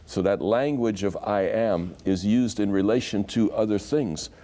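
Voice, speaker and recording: A man teaching scripture as a guest on a talk program. His voice sits low and sounds warm and mellow. He tells the stories in an animated way and acts out the quoted lines. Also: moderate pace. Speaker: Bible scholar guest. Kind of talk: explanatory teaching in conversation.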